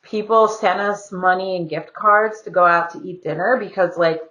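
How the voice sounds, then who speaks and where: A woman's voice: fairly low pitch, fairly even intonation, moderate pace, a bit bright, highs cut off. Chatty woman, lots of "like". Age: 30s. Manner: chatty, fills her talk with "like". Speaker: podcast guest. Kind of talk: casual podcast conversation.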